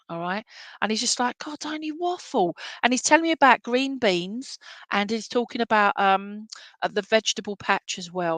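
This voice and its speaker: A woman's voice: mid-range voice, a bit bright, no echo. Chatty woman giving a reading. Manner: chatty and rambling, checks in often with the sitter. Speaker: spiritualist medium. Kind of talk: clairvoyance reading in an online service.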